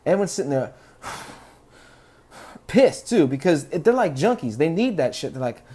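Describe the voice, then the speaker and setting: A man's voice: a little high, very animated, measured pace, mellow, husky. A man hosting a podcast, telling stories in a rambling, profane, laid-back way. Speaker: podcast host. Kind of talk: casual rambling monologue.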